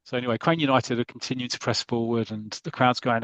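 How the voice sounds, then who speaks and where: A man hosting a podcast talks through an old comic story with real enthusiasm. He acts out the quotes as he goes and fills the gaps with ums. His voice is mid-pitched and sits in a dry, close sound. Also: quick pace, a bit bright, no room sound, muffled recording. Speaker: podcast host. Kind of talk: casual retelling of a comic story.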